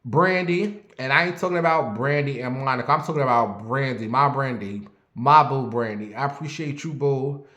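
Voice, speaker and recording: A man hosting a casual livestream, giving shout-outs to viewers in an animated, rambling way. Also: medium pitch, normal speed. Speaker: livestream host. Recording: echoey room.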